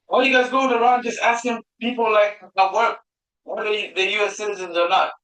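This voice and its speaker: A man working as a driver, confronting officers, challenging them with heated questions and sometimes shouting. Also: high voice, little pitch movement, brisk, roomy sound, low-quality recording.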